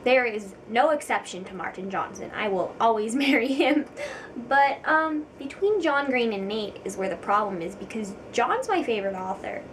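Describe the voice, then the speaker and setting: A woman's voice: fairly high pitch, animated, normal speed, distant mic, slight background noise, low-quality recording. A young woman vlogger chatting casually to camera, giggly and self-deprecating, with frequent ums.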